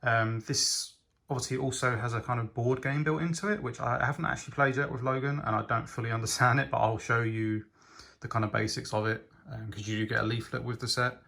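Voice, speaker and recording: Man, casual review, enthusiastic, hesitant, gravelly, mid pitch. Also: fairly even intonation, a little fast, pushed and bright. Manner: enthusiastic, hesitant with frequent ums. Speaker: LEGO reviewer.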